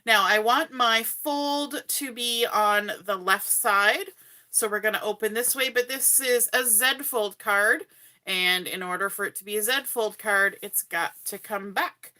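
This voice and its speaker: Bright-voiced Canadian woman hosting live craft tutorial. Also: mid-range voice, a little slow. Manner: chatty, friendly, greets viewers by name. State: hiccups. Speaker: crafting livestream host.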